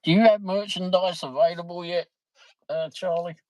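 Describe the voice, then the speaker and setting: A man's voice: high voice, fairly even intonation, moderate pace, darkish tone, no echo, poor audio. Bloke chatting on his live stream, middle-aged, swears a bit, dry close sound. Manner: chatty, laughs easily, mild swearing. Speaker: livestream host. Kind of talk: casual livestream chat reading viewer comments.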